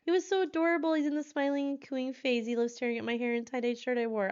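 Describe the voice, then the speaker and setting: Excitable woman streamer, high voice. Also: quick pace, hardly any pauses, clean tone, dry recording, muffled recording. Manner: excitable, laughs often, swears when startled. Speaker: horror variety streamer. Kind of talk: live stream chat, greeting viewers. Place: hotel room.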